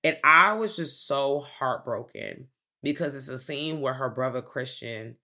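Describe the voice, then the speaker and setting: With an extremely low pitch and measured pace, a woman co-hosting a podcast tells a film's plot in easygoing conversation. She's an animated storyteller who performs the characters' lines along the way.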